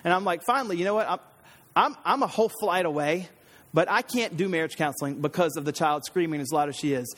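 A man in his thirties preaching a sermon, telling a family story in an animated way and acting out the voices. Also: on the high side, fairly quick. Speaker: pastor. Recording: long hall reverb.

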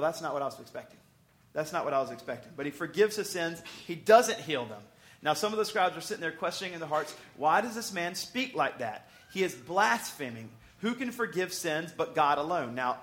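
A man's voice: on the high side, a bit bright. A man preaching a sermon as Bible teaching, talking conversationally, often stumbling and restarting, with bursts of emphasis. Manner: restarts and stumbles over words.

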